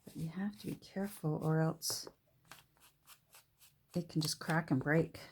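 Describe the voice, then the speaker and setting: A woman's voice: sits low, fairly even intonation, measured pace, darkish tone, slight background noise. A woman from Canada with a Canadian accent, chatting casually and musing aloud to herself while she works on a craft project. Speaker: junk journal crafter.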